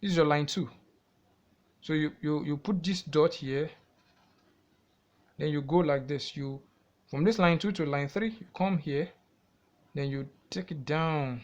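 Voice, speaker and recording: A music teacher with a Nigerian English accent and a fairly high voice walks through a lesson step by step. He repeats key points and keeps checking in with the viewer through questions he then answers himself. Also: unhurried, long pauses. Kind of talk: classroom-style music theory lesson.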